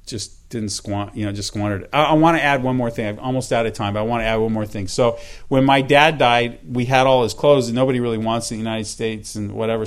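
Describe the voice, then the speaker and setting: A middle-aged man giving a personal church testimony, earnest and halting, with many fillers and repeated words. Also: fairly low pitch. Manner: reads scripture aloud in old-fashioned wording.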